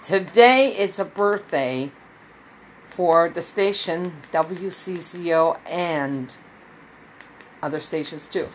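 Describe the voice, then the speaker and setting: A woman's voice: on the low side, slow, slight background noise, rough recording. A woman telling her viewers a long personal story in a casual, rambling way, with many restarts and quoted dialogue. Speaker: vlogger.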